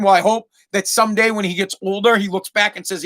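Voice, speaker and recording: A man's voice: high-pitched, fairly even intonation, quick pace, few pauses, pushed and bright. A man hosting a podcast, telling a story in a blunt, heavily profane, casual monologue. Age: adult parent. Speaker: podcast host.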